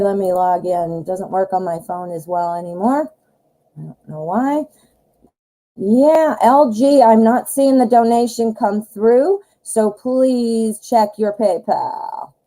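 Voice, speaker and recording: A woman's voice: mid-range voice, mellow, low-quality recording. A woman hosting a live tarot reading stream, chatting casually and greeting viewers by name.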